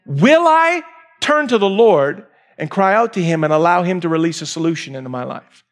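Male pastor, high voice, emphatic sermon delivery with repeated points. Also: lively intonation, moderate pace. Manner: emphatic, repeats key lines, swings from raised to hushed.

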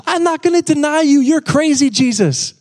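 A man's voice: very high-pitched, animated, normal speed, darkish tone, pitched above the performer's own voice. A preacher acting out a brash, overconfident male apostle who keeps insisting he can be trusted. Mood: boastful. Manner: brash, pleading, talking over objections.

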